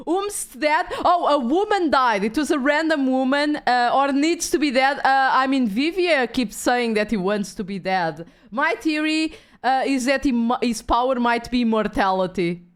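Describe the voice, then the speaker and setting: A woman's voice: sits high, animated, moderate pace, few pauses. A woman streaming a video game, chatting casually with viewers, rambling and swearing offhand.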